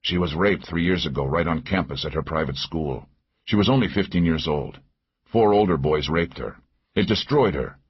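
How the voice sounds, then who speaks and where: A man's voice: extremely low pitch, animated, moderate pace, husky, dry recording, heavily acted. A man voicing a desperate, guilt-ridden middle-aged father who confesses in a strained way. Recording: dull lo-fi audio.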